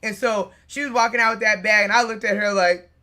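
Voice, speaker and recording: A woman vlogger telling a story in a casual, animated and profane way, full of fillers. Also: mid-range voice, a little fast. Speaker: card-collecting vlogger.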